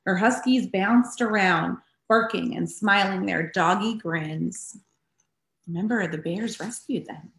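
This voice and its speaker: A woman pastor reading a picture book to children, animated and often asking the young listeners questions. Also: mid-range voice, slow, vocal fry, a little hiss or hum. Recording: roomy echo.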